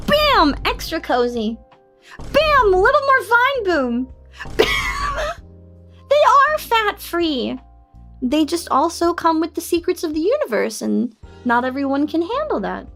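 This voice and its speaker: A young woman streaming casually, playful and excitable, squealing in mock outrage and laughing often. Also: on the high side. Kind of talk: casual live-stream chat.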